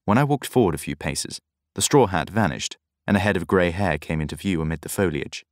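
A man reading a novel aloud in measured first-person narration. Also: deep voice, animated, no echo, clean studio sound. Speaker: audiobook narrator.

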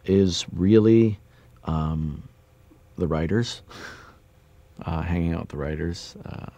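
A man chatting in a casual interview, wry and rambling with many pauses and fillers. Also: deep voice, mellow, no echo. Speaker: voice actor interviewed about a game.

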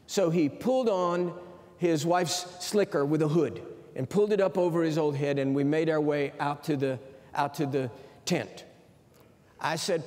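A man's voice: on the high side, fairly even intonation, moderate pace, darkish tone. A man preaching a sermon in a large auditorium, telling stories with emphasis. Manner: storytelling, emphatic. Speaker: university president preaching. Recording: long hall reverb.

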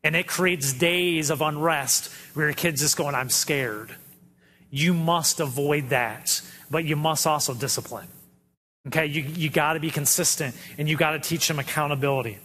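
A man's voice: fairly high pitch, fairly even intonation, moderate pace, pushed and bright, slight background noise. A man in his thirties preaching a sermon in a conversational way, acting out quotes from his kids. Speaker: pastor. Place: church auditorium.

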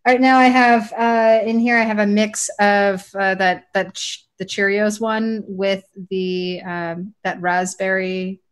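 A woman's voice: mid-range voice, level tone, slow pace, few pauses, smooth. Rambling woman chatting casually. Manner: rambling, many fillers and restarts. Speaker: e-liquid mixing podcast co-host. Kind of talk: casual chat.

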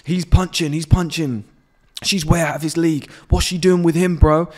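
A man in his late twenties putting on higher, whiny voices of jealous young men who exclaim in disbelief. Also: steady tone, moderate pace, lightly acted. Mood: incredulous.

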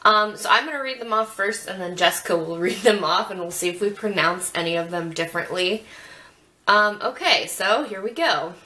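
A young woman from Northwest Ohio chats casually as host, giggling often. Her voice is bright and clear, pitched at an ordinary middle height. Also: normal speed, poor audio. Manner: giggly, chatty. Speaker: beauty channel host. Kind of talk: casual chat.

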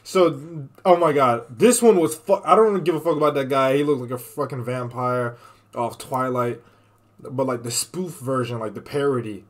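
A man streaming a reaction to a video, talking in a casual, animated and profane way, often restarting his sentences. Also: medium pitch, normal speed.

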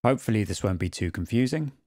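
A man narrating an audio production tutorial in a calm, methodical way. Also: on the low side, fast talker, no echo, studio quality. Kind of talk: screen-recorded tutorial narration.

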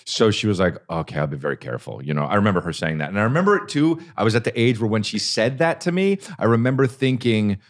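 A young man hosting a podcast, telling a story in casual chat, swearing and rambling with restarts and high-pitched quoted voices. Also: very animated, fast talker, few pauses. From New Jersey. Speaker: podcast host.

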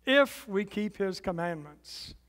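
A high-voiced man preaching at an unhurried pace, leaning on each phrase and having the church repeat his words back. His voice carries a long church-hall echo. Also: animated, fairly bright tone. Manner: preaching with slow emphatic repetition, leading the congregation in call and response. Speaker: guest pastor. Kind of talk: sermon. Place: church sanctuary.

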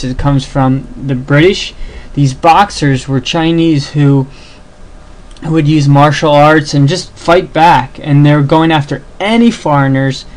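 A man's voice: fairly high pitch, rough recording. Rambling male history teacher. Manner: loose, filler-heavy, restarts often. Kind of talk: casual classroom lecture over slides.

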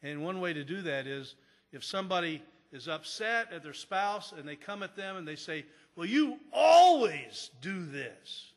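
A pastor preaching a sermon in an earnest manner, repeating key phrases for emphasis. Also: male voice, on the high side, moderate pace, bright, forceful tone. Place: church sanctuary. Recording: long church reverb.

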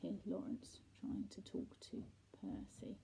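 A woman teacher reading a bedtime story aloud, with soft, half-whispered asides to children. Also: slow pace, poor audio.

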